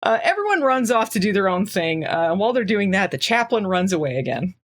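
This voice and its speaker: This woman has a mid-pitched voice and chats casually as a podcast host. She retells an episode with jokey asides and short acted quotes, and breaks into laughs often. She speaks into a podcast microphone. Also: very animated, brisk. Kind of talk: casual chat recapping a TV episode.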